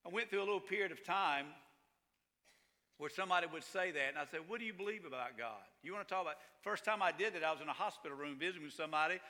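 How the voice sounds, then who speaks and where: A man preaching a sermon as pastor, emphatic and building to forceful passages. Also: fairly high pitch, rapid-fire, long reverb tail.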